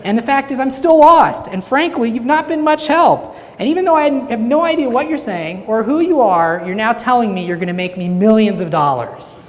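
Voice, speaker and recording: A woman's voice: a little high, animated, normal speed, hardly any pauses, pitched above the performer's own voice, close to an everyday voice. A woman voicing an exasperated, indignant male balloonist in a retold joke. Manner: indignant, complaining. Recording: reverberant hall, faint noise.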